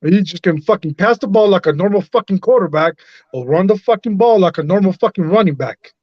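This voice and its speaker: A high-voiced man vents bluntly and with plenty of profanity, hammering his points home. The sound is lo-fi and dull, and close and dry. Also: lively intonation, brisk, no echo. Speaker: livestream co-host. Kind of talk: profane casual sports rant.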